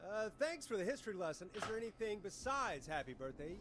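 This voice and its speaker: A man's voice: sits high, very animated, fast talker, noisy background. A man voicing an irritable radio show host who answers with sarcasm. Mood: exasperated.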